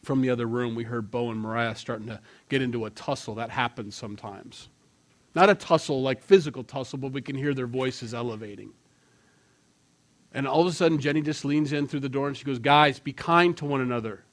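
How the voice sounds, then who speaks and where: A man's voice: mid-range voice, brisk. A middle-aged man, a pastor, giving a conversational sermon and telling family stories along the way. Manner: conversational, storytelling with family anecdotes.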